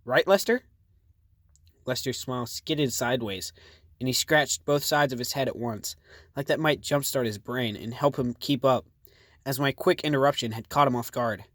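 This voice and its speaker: A male audiobook narrator with a steady, measured read. His voice sits at an ordinary pitch for a man. The sound is dry and close to the mic. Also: no echo.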